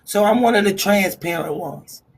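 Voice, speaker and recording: A woman calling in to a panel chat, with a raspy smoker's voice, talking frankly and holding back on private matters. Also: mid-range voice, moderate pace. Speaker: panel caller. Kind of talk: casual chat.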